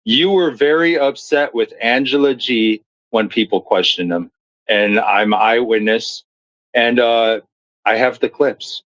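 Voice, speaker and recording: A mid-pitched man talks straight to his viewers. He is blunt and foul-mouthed, telling stories of an online feud and reacting to comments as he goes. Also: unhurried, fairly bright tone, poor audio. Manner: blunt and profane, storytelling. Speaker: streamer commentator. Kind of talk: reacting to clips and reading comments.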